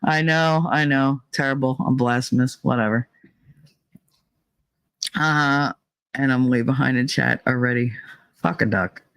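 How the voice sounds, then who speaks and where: A woman's voice: very deep voice, fairly even intonation, a little slow, long pauses, clear, resonant tone, no echo. Woman ranting and telling stories on stream, swears a lot, dry close sound. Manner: profane, storytelling, mimics others in quotes. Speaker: livestreamer reading chat. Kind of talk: casual chat. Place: away from home, traveling.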